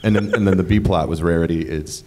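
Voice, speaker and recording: A man TV writer on a convention panel, pitching an idea eagerly with dry, wry humor. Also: steady tone, fast talker, warm tone, a little hiss or hum. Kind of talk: panel discussion.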